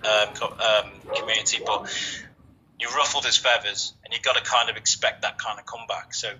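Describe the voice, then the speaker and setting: A man's voice: lowish voice, steady tone, a little fast, bright, forceful tone, slight background noise, rough recording. A man who hosts a podcast, talking casually and earnestly, swearing freely and often restarting his sentences. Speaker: podcast host. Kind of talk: casual chat.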